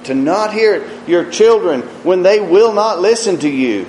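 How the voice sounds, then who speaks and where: Slow preacher guy, bit of a high voice, earnest sermon, echoey room with faint ac hum. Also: animated. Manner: slow, earnest preaching with rises and quiet drops.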